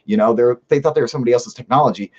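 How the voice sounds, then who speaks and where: A man's voice: mid-range voice, racing, darkish tone, highs cut off, a little hiss or hum. A man hosting a live stream, reading viewer comments and answering in a rambling, emphatic, profane way. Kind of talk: casual live-stream chat.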